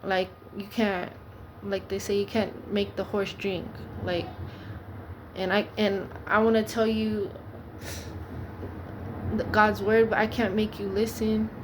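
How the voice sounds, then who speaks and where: A woman's voice: medium pitch, flat delivery, takes it slowly, long pauses, background noise. A woman preaching informally, pleading with the listener in an earnest, repetitive way.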